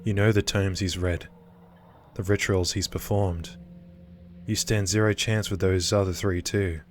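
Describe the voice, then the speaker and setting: A man's voice: low voice, fairly even intonation, a little slow, slight background noise. A man voicing a vengeful female witch in a horror game, cold and threatening. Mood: menacing.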